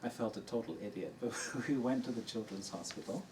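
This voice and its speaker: A man's voice: fairly low pitch, fairly quick. Older man telling a story from a distance. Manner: warm anecdotal storytelling, laughing at his own story. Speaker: dharma teacher. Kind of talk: storytelling talk to an audience. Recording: distant mic in a room with faint noise.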